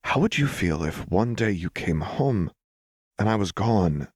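A man voicing a gentle young woman who speaks in a soft, earnest, reassuring way. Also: low voice, animated, measured pace, slightly rough, no room sound, studio quality, heavily acted.

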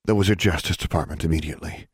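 A severe, cold-eyed woman dean handing down orders in clipped, commanding sentences, as a male narrator puts her on. Her voice sits low with a husky grain. The recording is close and dry. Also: very fast, no room sound, heavily acted. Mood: stern. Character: stern, cold female school dean.

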